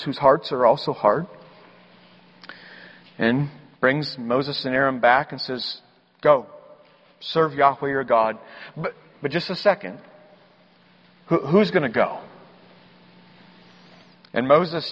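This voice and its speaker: A high-voiced man preaches with emphatic force, his lines swelling into loud, climbing exclamations. The sound is dull and muffled, with a long reverb tail like a large hall. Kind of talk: sermon.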